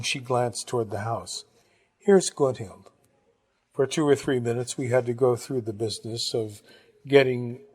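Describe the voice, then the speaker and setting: A man reading a novel aloud, narrating in the first person at a measured pace. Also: medium pitch, darkish tone, husky. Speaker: audiobook reader.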